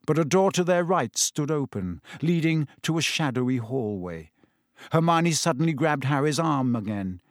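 A man's voice: medium pitch, no room sound, studio quality. Man reading a suspenseful story aloud. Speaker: audiobook narrator. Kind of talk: scripted narration.

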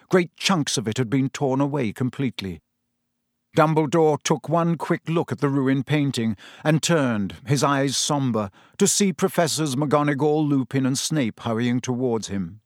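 A man narrating a storybook as an audiobook reader, with an expressive storytelling delivery. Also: medium pitch, no room sound, studio quality. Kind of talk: scripted narration.

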